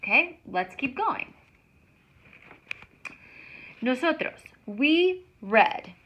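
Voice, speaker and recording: A woman teaching a Spanish grammar lesson, explaining slowly and stretching words out to show how they sound. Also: high voice, sing-song, a bit bright, highs cut off.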